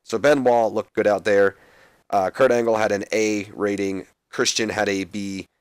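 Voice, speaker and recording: A man's voice: on the low side, fairly even intonation, moderate pace, clean tone, no echo. A young man casually recapping a wrestling game as a let's play host, rambling a little. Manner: casual, rambling, reads out scripted lines.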